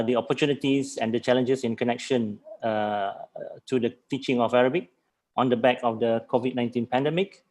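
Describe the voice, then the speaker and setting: A man from Malaysia delivers a conference talk over a video call. He pauses often, fills gaps with "um" and clears his throat, at an ordinary mid pitch. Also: a little mellow. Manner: hesitant, many fillers and throat clearing. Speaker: conference presenter. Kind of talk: academic conference presentation.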